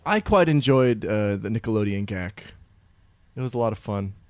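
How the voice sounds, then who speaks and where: A man chatting on a podcast with a lively voice that leaps from low mutters to high exclamations. He sounds self-deprecating and casual, recorded close and dry. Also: moderate pace, dry recording. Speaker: podcast co-host. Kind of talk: casual chat.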